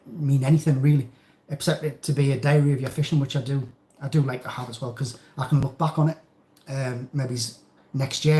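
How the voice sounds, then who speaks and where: A middle-aged man with a Geordie accent, hosting a live stream in a relaxed, rambling, jokey way as he reads out viewers' comments at home. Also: fairly high pitch. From North East England. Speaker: channel host. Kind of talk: casual live-stream chat reading comments. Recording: roomy echo.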